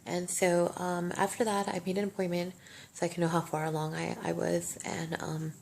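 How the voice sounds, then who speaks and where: A woman's voice: lowish voice, monotone, moderate pace, vocal fry, a little mellow, a little hiss or hum. A young woman vlogging a personal story, emotional and rambling, swearing freely. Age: young adult. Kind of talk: casual storytime monologue.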